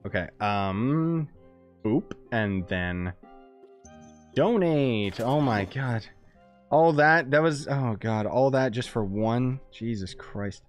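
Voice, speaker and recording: An excitable male streamer talks loosely to his viewers while playing, rambling from one thing to the next. His pitch sits in an ordinary middle range, and faint music plays quietly underneath. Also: slow. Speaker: game streamer. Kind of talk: casual live-stream chat.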